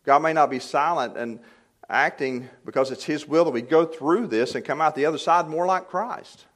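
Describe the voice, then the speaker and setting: Older male preacher, somewhat high voice, folksy sermon delivery with forceful emphatic stretches. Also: normal speed. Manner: emphatic, rising to forceful peaks on key points; plain conversational asides with light humor. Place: church sanctuary.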